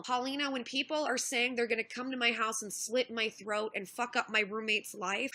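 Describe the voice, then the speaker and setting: A woman livestreaming in casual chat, rambling through a story with restarts and swearing while thanking viewers. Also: on the high side. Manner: rambling, animated retelling with frequent restarts and swearing.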